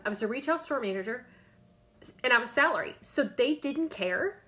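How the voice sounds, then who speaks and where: A woman talks to her viewers on a live stream about diet and health. Her voice is bright and pitched a little high. She chats loosely, repeats phrases and greets people by name. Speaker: keto diet coach. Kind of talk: Facebook Live talk.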